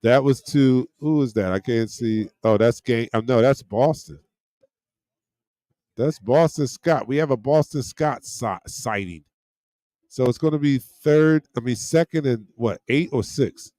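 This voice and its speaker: A man giving casual play-by-play as a fan watch-along host, getting excited on big plays and chatting with viewers and friends. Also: mid-range voice, a little slow, dry recording.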